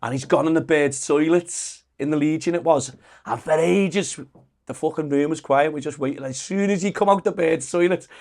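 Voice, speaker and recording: Male host, slightly high gravelly voice, rambling sweary chat. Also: moderate pace, darkish tone. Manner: swearing, rambling, laughs along. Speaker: podcast host. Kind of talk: casual chat.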